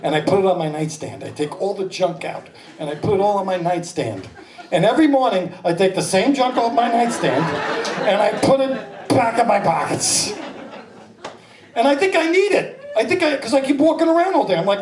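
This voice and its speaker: A male stand-up comedian in his fifties with a high, lively voice, jumping into silly voices. He sounds a little far from the mic. An echoey club and a laughing crowd sit behind him. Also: fairly quick. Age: 50s. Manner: animated, slipping into exaggerated voices. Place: small comedy club stage. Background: audience laughter.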